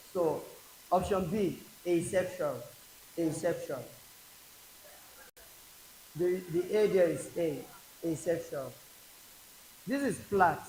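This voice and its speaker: A man with a Nigerian accent teaching an exam prep English class, slowly repeating each word aloud for drilling. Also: a little high. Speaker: English tutor. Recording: echoey classroom with faint hiss.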